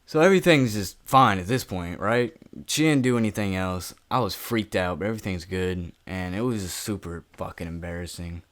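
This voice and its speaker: A man's voice: low-pitched, normal speed, hardly any pauses. A young man telling a story to camera in a casual vlog, blunt and full of swearing. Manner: profane, blunt and offhand. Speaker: YouTuber.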